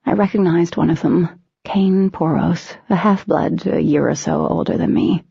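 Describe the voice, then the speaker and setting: A woman narrates a novel in the first person, with dramatic, tense storytelling. Her low, dark voice is husky and full of vocal fry. The recording is dry, close and dull. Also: normal speed, dry recording. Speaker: audiobook narrator.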